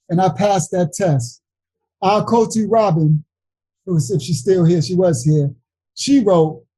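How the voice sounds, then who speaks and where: Husky-voiced man preaching a Bible study. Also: high-pitched, poor audio. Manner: animated, emphatic preaching, talking straight to viewers. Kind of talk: livestream Bible study sermon.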